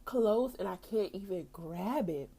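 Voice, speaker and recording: A young woman with a warm, lowish voice talks through her own story on a faith podcast. She speaks casually, leans on "like," and acts out what she was thinking at each turn. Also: moderate pace. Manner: animated storytelling, acting out her own past thoughts; casual, slangy, with frequent "like" and laughs. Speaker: podcast host.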